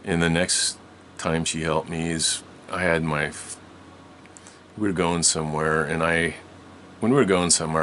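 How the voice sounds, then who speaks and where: An older man with a very low, gravelly voice tells a childhood story in a casual way. He rambles, restarts his sentences and laughs often. A faint hum sits under the recording. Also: a bit bright.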